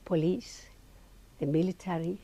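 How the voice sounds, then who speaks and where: A middle-aged woman from Argentina, a meditation teacher telling her story in an interview, animated and acting out the voices she quotes. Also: lowish voice, measured pace. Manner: animated, acts out quoted voices, laughs often.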